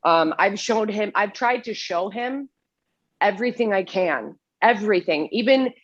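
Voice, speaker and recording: A woman's voice: medium pitch, lively intonation, unhurried, no room sound, lo-fi sound. A woman on a video call, talking in a rambling, apologetic way with lots of restarts, getting emotional. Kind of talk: emotional casual conversation. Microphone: computer mic on a video call.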